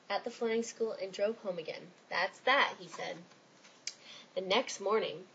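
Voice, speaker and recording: Woman giving an expressive storybook reading. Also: medium pitch, highs cut off, slight background noise. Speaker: reader. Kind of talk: dramatic storybook reading aloud.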